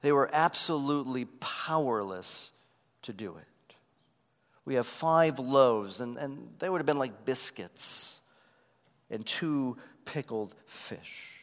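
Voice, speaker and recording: A man's voice: medium pitch, animated, slow pace, long reverb tail. A man preaching a sermon as pastor, earnest and emphatic, often repeating words as he starts a phrase.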